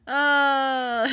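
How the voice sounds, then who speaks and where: A woman's voice: high voice, bright, forceful tone, smooth. A woman livestreaming casual chat, rambling and often laughing, with frequent self-interruptions.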